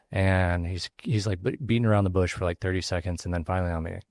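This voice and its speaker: A man who runs a barbecue restaurant, telling a story as an interview guest, casual and halting with lots of fillers and restarts. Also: low-pitched, steady tone, creaky, darkish tone, no echo. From Texas. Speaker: pitmaster and restaurant owner, guest.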